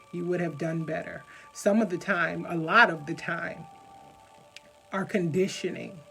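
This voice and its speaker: A woman coach speaking earnestly and emotionally straight to the listener in a heartfelt talk, with soft music underneath. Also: fairly low pitch, rough recording. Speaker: healing coach. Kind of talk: heartfelt direct-to-camera talk.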